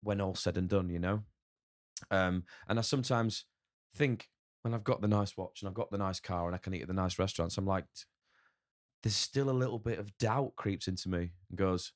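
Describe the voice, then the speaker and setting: A man's voice: lowish voice, a little fast, no echo, clean studio sound. A man who runs a restaurant, talking candidly as a podcast guest and swearing casually now and then. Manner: candid, swears casually, acts out inner voices.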